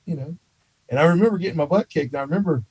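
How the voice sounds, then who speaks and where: A man who coaches college baseball, appearing as a podcast guest. He tells stories in a lively, chatty way, with plenty of "you know" along the way. His voice sits on the higher side and sounds dry and close, with no room echo. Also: quick pace, husky. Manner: animated storyteller, peppered with "you know". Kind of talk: casual storytelling in an interview.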